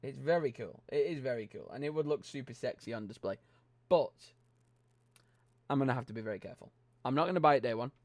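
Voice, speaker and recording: Ranting about the price of LEGO sets, a young British vlogger with a British accent swears casually and doesn't mince words. He speaks into a close desk mic with no room sound, his medium-pitched voice darkish in tone.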